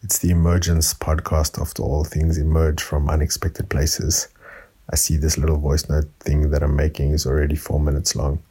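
Soft-spoken tipsy man, deep and husky. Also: monotone, normal speed. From South Africa. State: tipsy from wine. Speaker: podcast host. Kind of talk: late-night voice note monologue. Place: room at home.

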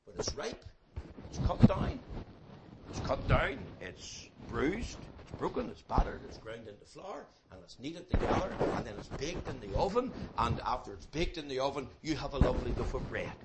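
A man preaching an evangelistic sermon, emphatic and repeating words as he builds, swinging between loud and soft passages. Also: medium pitch, sing-song, normal speed. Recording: loud background noise.

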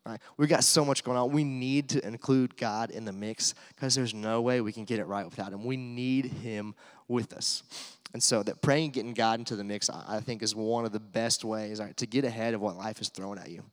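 A man preaching a sermon in a relaxed, conversational way, with many fillers, telling family stories and reading scripture aloud. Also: lowish voice, moderate pace. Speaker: pastor. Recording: long hall reverb.

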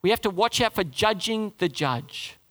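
Preaching at a moderate pace, a male pastor addresses his congregation with animation. He pushes his voice upward for emphasis, then lets it drop low and gentle in prayer.

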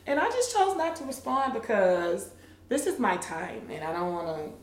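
A woman's voice: medium pitch, sing-song, normal speed, roomy sound. A woman co-hosting a casual podcast chat, talking candidly and bluntly, laughing often. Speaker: podcast co-host.

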